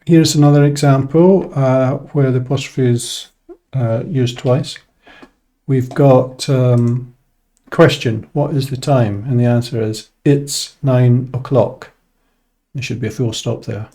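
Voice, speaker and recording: Male English teacher, unhurried explainer, warm dark tone, filler-heavy delivery. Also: mid-range voice. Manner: relaxed, thinking aloud with many fillers. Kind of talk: casual explanatory lesson.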